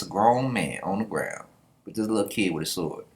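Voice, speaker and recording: A man's voice: lowish voice, animated, moderate pace. A young man giving casual, sarcastic manga reaction commentary and laughing often.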